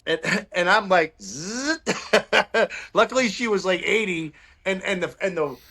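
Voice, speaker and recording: A man co-hosting a casual podcast, telling animated stories and mimicking people in raised voices. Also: sits high, normal speed. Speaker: podcast co-host. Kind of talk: casual storytelling.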